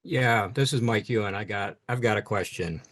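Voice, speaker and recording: A male attendee calling in with a question, speaking in a slightly halting way with repeated words. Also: lowish voice, fairly bright tone. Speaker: caller asking a question.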